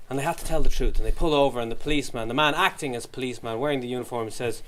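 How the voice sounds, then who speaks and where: A young man with a voice on the high side, fairly bright in tone, does stand-up for a young audience at a quick pace with few pauses. He tells a story and acts out its voices while the audience laughs.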